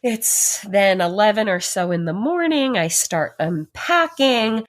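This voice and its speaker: A woman in her thirties hosting a podcast, sharing a personal story candidly and with animation, laughing often as her pace swings between rushed and slow. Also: mid-range voice, lively intonation. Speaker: podcast host.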